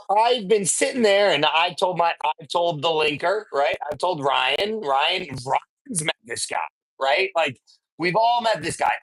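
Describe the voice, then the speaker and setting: A man's voice: sits high, a bit bright, rough recording. A man hosting a sports card show, telling a story in a chatty, rambling way and often checking in with "right?". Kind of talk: casual storytelling. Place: sports memorabilia shop.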